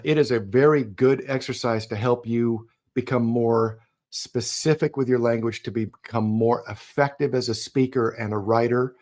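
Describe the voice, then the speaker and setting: A man's voice: mid-range voice, a little mellow. A man co-hosting a casual podcast, talking in long rambling stretches, restarting sentences and leaning hard on key words. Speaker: podcast co-host. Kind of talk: casual conversational podcast chat.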